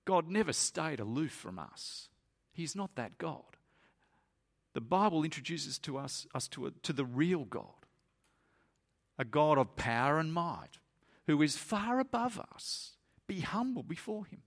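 A man's voice: lively intonation, measured pace. A man preaching a sermon, earnest and emphatic, who reads a story aloud to his listeners. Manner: earnest and emphatic, climbing higher when stressing points.

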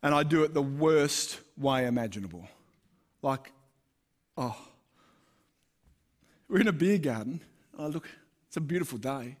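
A middle-aged Australian man preaching a sermon in a conversational, self-deprecating storytelling manner. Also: sits high. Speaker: pastor.

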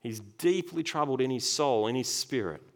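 A man's voice: mid-range voice, lively intonation. Earnest male preacher delivering a sermon. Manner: earnest, emphatic, with slow stressed phrases.

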